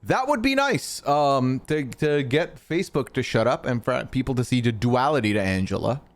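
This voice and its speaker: With a medium-pitched voice at normal speed, a young streamer from Canada chats casually on his live stream. He responds to viewers and pokes fun at trolls, dropping the occasional swear word.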